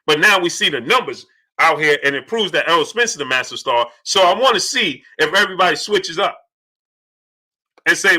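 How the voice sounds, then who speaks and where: Male streamer, high and bright, who keeps repeating rhetorical questions and greets the viewers in the chat by name. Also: expressive, a little fast. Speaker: boxing channel host. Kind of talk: livestream commentary, reading chat.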